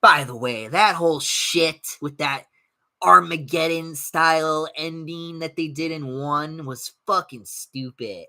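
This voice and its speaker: A slightly high-voiced young man takes his time as he hosts a podcast and reads live chat. He rambles casually, curses often and bluntly mocks people he disagrees with, animatedly doing put-on voices.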